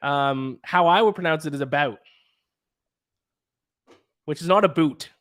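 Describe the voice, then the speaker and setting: A man's voice: on the high side, a little fast, fairly bright tone. Canadian man hosting a sports podcast. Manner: analytical, reels off schedules and odds. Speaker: podcast host. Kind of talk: casual sports podcast chat.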